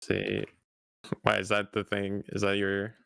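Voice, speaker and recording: A young man chats loosely on a livestream, laid-back and quick to giggle. His voice is low with a gravelly fry. The sound is dry. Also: completely flat delivery, a bit bright, no room sound. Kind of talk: casual chat on a livestream.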